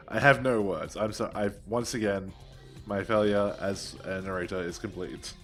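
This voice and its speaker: A man's voice: fairly low pitch, a little slow, fairly bright tone, soft background music. A man hosting a game playthrough, giving casual commentary with wry, self-deprecating remarks. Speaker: gameplay host.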